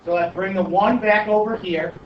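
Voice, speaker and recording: A man's voice: high voice, fairly even intonation, normal speed. Man teaching math in an echoey classroom. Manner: questioning, coaxing students. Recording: echoey classroom from far off, dull, light noise.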